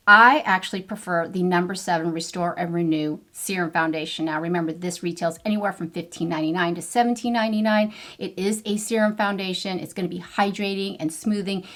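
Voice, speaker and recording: A middle-aged woman vlogging a chatty makeup review to camera, bubbly and playful with frequent exclamations. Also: fairly low pitch. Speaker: beauty vlogger.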